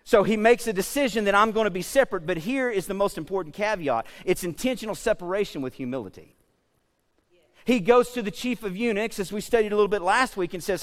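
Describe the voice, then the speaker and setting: Animated high-voiced male pastor preaching. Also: fast, long reverb tail. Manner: animated, conversational, joking asides, repeats "okay?". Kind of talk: sermon.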